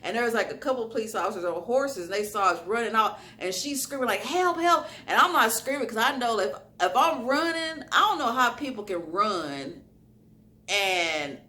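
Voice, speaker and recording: Bright-voiced young woman telling a story. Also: a little high, moderate pace. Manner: animated storytelling, acting out quoted lines. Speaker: vlogger. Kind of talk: casual storytime vlog.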